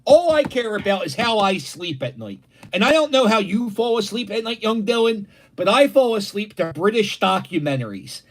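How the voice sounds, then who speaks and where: Man, high voice, very lively swings in pitch, brash crude joking, casual home chat. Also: moderate pace. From Philadelphia, USA. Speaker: livestream host. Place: dining room at home.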